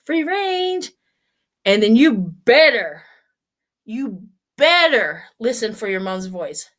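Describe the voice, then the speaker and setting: A woman's voice: mid-range voice, big pitch swings, slow pace, a bit bright. A woman in her forties talking casually to camera, blunt and swearing freely as she tells stories. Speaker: vlogger.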